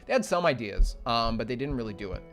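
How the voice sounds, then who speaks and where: A young man streaming casually as an animator, rambling with fillers and swinging from low mumbles to loud, excited yelps. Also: quick pace. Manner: rambling with many fillers and restarts. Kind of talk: casual livestream chat. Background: faint music.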